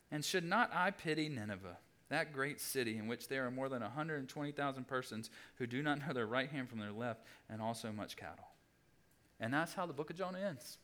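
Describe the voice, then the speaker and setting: A young adult man preaching a sermon, animated, acting out the people in the story with big jumps in his voice. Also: a little fast. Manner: animated, acts out voices with big pitch swings. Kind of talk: sermon teaching.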